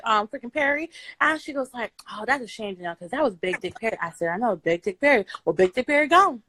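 Brash, bright-voiced woman telling a story. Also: sits high, quick pace, no echo, poor audio. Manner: brash, profane, laughing, breaks into song. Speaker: guest storyteller. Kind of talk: casual storytelling on a live stream. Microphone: phone on a live video stream.

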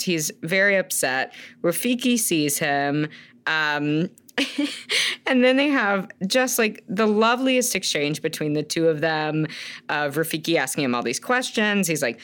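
A woman's voice: lowish voice, expressive, slow, fairly bright tone, smooth. A woman co-hosting a casual podcast, often gasping and laughing in theatrical shock. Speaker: podcast co-host.

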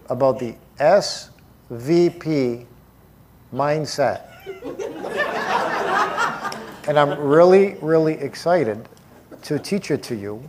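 A man imitating a low-energy presenter who talks in a flat, slow, subdued way. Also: a little hiss or hum, natural voice. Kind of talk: mock presentation.

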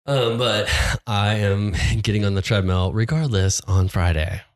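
A man co-hosting a podcast, chatting casually in a relaxed, joking and teasing way. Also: lowish voice, a little slow. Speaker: podcast co-host. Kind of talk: casual chat.

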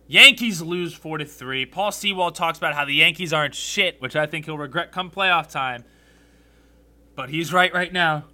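Bright-voiced man ranting about sports. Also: fairly high pitch, moderate pace. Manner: animated, blunt and profane, rants. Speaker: sports podcast host. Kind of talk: solo sports commentary podcast.

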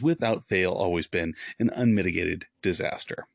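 Former pastor hosting a faith podcast: earnest, repetitive, gravelly lower voice. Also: male voice, brisk, few pauses, dry recording, clean studio sound. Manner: earnest, preachy, repeats for emphasis. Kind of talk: devotional podcast talk.

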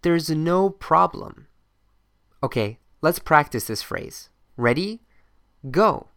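A man teaching English phrases in a scripted podcast lesson, modeling each phrase clearly for learners to repeat. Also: on the high side, lively intonation, slow pace, a bit bright, no echo, studio quality.

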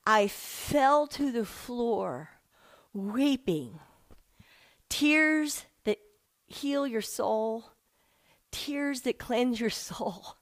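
A woman's voice: on the high side, very slow, long pauses. Emotional middle-aged woman telling her story. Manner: emotional, animated, acts out quoted people. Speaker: speaker sharing a personal testimony. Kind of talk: personal faith testimony storytelling.

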